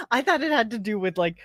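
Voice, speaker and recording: A woman's voice: fairly high pitch, fairly bright tone, dry recording, clean studio sound. A woman hosting a casual live-stream chat, laughing often between her words. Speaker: host.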